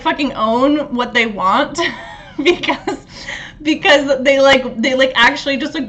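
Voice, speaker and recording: A woman hosting a casual astrology talk, animated, laughing often and swearing freely. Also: a little high, muffled recording, slight background noise. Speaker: astrology host.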